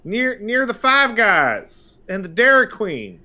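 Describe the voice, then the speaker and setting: A man's voice: sits high, very animated, bright, forceful tone, voice pushed up, exaggerated voice. A man putting on a folksy, cheerful male store clerk who answers the phone eager to help. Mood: cheery. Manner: chipper, drawn-out, eager to help.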